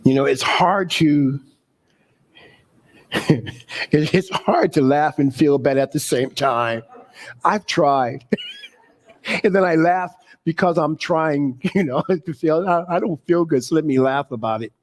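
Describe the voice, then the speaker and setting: A middle-aged man preaches with a high, lively voice, laughing easily and stressing his points the way a pulpit speaker does. It is a spirited sermon delivered to a room full of listeners. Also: slow, long pauses. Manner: animated, laughing often, preacherly emphasis.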